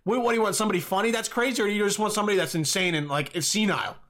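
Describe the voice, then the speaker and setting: Young guy with a pretty high voice going off on a profane rambling podcast rant, yells sometimes. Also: very fast. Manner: profane, rambling, yelling in bursts. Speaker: podcast host.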